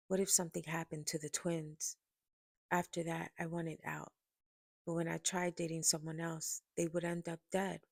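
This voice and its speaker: Low gravelly woman reading a memoir. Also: no echo. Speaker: audiobook reader. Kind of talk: first-person memoir reading.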